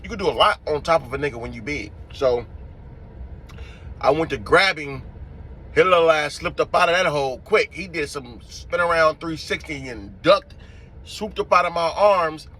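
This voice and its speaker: A man telling a street-fight story in a casual, profane, animated way, acting out the scenes as he goes. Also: fairly high pitch, moderate pace.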